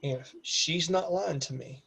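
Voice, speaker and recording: A woman's voice: low-pitched, a little slow, creaky, fairly bright tone, breathy edge, heavily acted. A man voicing a sassy, furious young barmaid who gives threatening orders.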